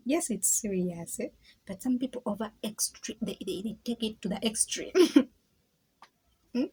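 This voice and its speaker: Vlogger, woman, very husky mellow voice, thoughtful rambling talk with laughs and hushed asides. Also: fairly high pitch, animated, a little slow, pauses often, low-quality recording. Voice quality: very breathy, husky. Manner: rambling, laughs often, stammers and repeats words; drops into whispers. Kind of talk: casual reflective monologue.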